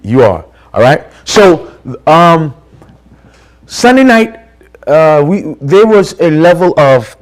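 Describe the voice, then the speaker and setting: Man, pastor, informal bible study talk, conversational, mid-pitched voice. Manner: conversational, repeats words and restarts, asks the room for agreement. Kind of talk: informal church teaching. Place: church hall.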